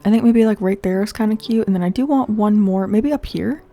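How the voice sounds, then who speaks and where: A woman's voice: medium pitch, fairly quick, mellow. Congested young woman chatting over game play. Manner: chatty, rambling, thinks aloud with fillers. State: congested, sniffling. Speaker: gaming video host. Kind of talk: casual gameplay commentary. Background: faint game music.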